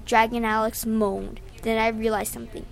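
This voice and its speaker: A woman reading her own adventure story aloud, lively, raising her voice for the shouted lines, with small slips and restarts. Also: fairly high pitch, normal speed, gravelly.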